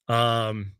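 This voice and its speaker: A young man hosting a post-game fan rant from his bedroom, emotional and halting, choked up as he reads tweets aloud to a webcam. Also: medium pitch, fairly bright tone, clean tone, no echo. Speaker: host. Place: bedroom at home.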